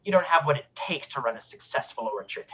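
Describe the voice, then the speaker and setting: A woman plays a blustering executive brother, pushy and pressured, tossing in "all right?" constantly. The voice is husky and pitched low. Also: animated, fast talker, a bit bright, exaggerated voice, low-quality recording. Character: pushy corporate fruit-company CEO brother. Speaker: improv performer. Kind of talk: improv comedy scene.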